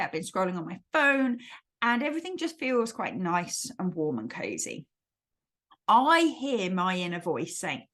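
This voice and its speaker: A woman hosting a solo coaching podcast, explaining ideas in an animated, expressive, friendly way. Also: a little high. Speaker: academic life coach host.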